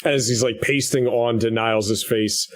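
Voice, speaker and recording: A man narrating as game master of a tabletop role-playing game, lively and shifting between characters. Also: mid-range voice, a little slow. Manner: animated, shifts into character voices.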